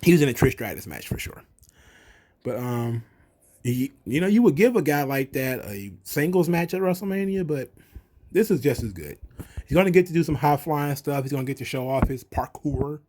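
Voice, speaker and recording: A man's voice: medium pitch, expressive, moderate pace, a little mellow. A man hosting his own wrestling commentary, rambling and swearing in an exasperated rant. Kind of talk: casual ranting commentary.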